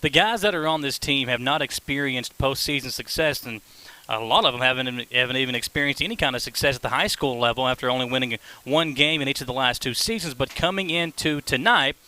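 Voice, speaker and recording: A man hosting a live high school football pregame show, with an energetic, brisk announcer delivery. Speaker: play-by-play broadcaster. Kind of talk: pregame sports broadcast.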